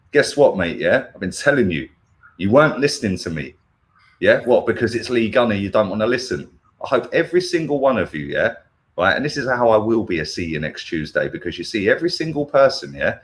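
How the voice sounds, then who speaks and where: An angry man hosting a heated football chat, swearing and constantly tagging "yeah? right?" onto his points. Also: fairly low pitch. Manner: ranting, swears, keeps asking "yeah? right?". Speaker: football fan channel host.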